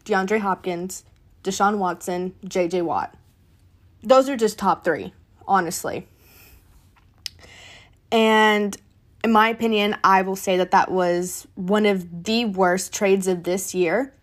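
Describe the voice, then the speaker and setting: A young adult woman hosting a podcast, ranting in casual sports commentary with heated, profane, animated talk. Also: medium pitch, takes it slowly, long pauses. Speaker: podcast host.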